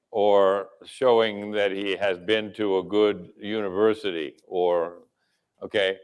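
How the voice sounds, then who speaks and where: A man's voice: fairly low pitch, clean tone. A man presenting at a company kickoff, giving a sales training talk to an audience, repeating his words and checking in with "okay?".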